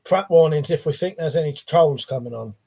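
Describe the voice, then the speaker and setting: Casual man, slightly high voice. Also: brisk, creaky, dark tone, slightly rough. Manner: reads out viewer comments and chats back casually, swears freely. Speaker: livestream host. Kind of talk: casual live-chat stream. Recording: dull lo-fi stream audio.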